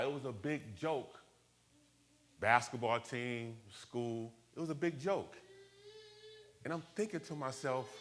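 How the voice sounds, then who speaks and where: A middle-aged man from Buffalo, New York, telling his life story in a lively way and acting out the voices of people in it. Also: mid-range voice, slow, pauses often. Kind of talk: personal storytelling talk.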